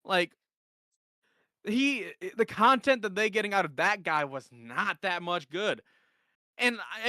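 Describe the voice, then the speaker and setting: A man's voice: high voice, bright, forceful tone, dry recording, studio quality. A young man rambling and swearing as he tells a story in a casual live-stream chat. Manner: rambling, profane, restarts often. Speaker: guest streamer.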